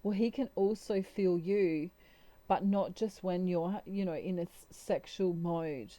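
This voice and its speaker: Woman doing a tarot reading, slow and soft, kinda low mellow voice, gets a bit choked up. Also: no room sound. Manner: slow, soft, emotional, hesitant. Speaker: tarot reader. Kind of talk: spiritual channeled reading.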